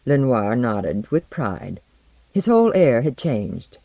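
Lively wry storyteller, dry close sound. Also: mid-range voice, slow pace, creaky, no echo, lo-fi sound. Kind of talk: read-aloud storytelling.

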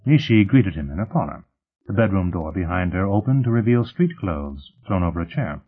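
A man reads an audiobook in a husky, fairly low voice. His pitch moves in a lively way, but the sound stays thin and phone-like. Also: brisk. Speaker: narrator. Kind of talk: audiobook narration.

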